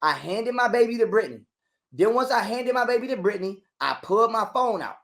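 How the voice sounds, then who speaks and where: A man telling a long story in a casual interview, animated and full of cursing and repetition. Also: high voice, a little fast, gravelly. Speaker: guest telling his story.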